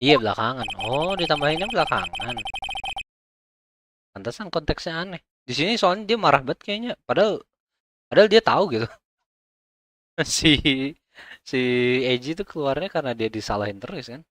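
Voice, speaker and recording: A man's voice: on the high side, sing-song, fast, pauses often, dry recording, clean studio sound. Chatty laughing male gaming streamer. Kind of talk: casual game commentary. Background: loud game music.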